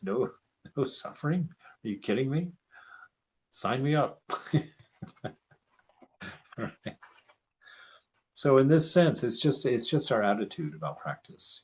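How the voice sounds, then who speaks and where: A man teaching a spiritual talk in an emphatic way, often repeating his phrases and laughing as he goes. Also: lowish voice.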